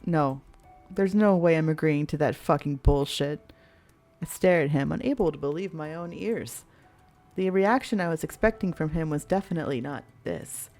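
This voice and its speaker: Low-voiced woman streamer reading a game. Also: normal speed, soft background music. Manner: expressive, swears freely, laughs at the story. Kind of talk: reading a visual novel aloud with commentary.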